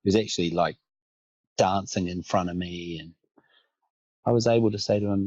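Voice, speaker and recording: Deep, husky man talking thoughtfully. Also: moderate pace, long pauses, darkish tone, no echo, lo-fi sound. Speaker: podcast guest. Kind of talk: casual reflective conversation.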